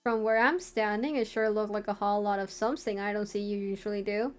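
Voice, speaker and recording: A woman voicing a boisterous, teasing male friend from a visual novel, playful and loud. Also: medium pitch, fairly even intonation, brisk, soft background music, natural voice. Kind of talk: reading visual novel lines aloud.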